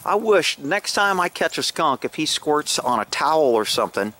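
A middle-aged man with a drawl rambles through a funny dog story into a phone held at arm's length outdoors. His voice is bright and sits a bit high for a man. He swears casually and keeps breaking into laughs at his own tale. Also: sing-song, moderate pace. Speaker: vlogger, horse owner.

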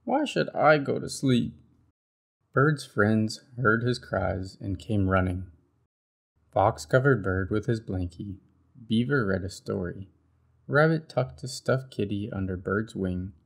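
Slow, gravelly man reading a storybook. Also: on the low side. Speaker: children's book reader. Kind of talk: read-aloud storytelling.

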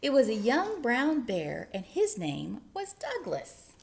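A woman librarian reads a picture book aloud to young children, animated and sing-song, slipping into hushed whispers to point things out. Her voice sits fairly high and leaps widely in pitch. She takes her time with every line. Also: slow, creaky. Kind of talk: storytime read-aloud.

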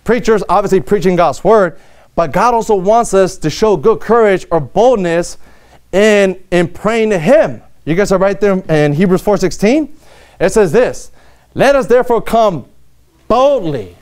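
A man's voice: sits high, moderate pace, a little mellow. A man preaching a sermon in a church, earnest, reading scripture aloud with rising emphasis.

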